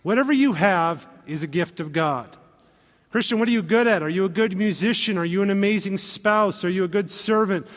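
A man preaching a sermon as pastor, animated and acting out quoted voices. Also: high-pitched, fairly quick. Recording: long reverb of a hall.

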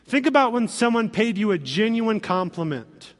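A man preaching a sermon as pastor, animated and acting out quoted voices. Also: sits high, moderate pace, hardly any pauses. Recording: long reverb of a hall.

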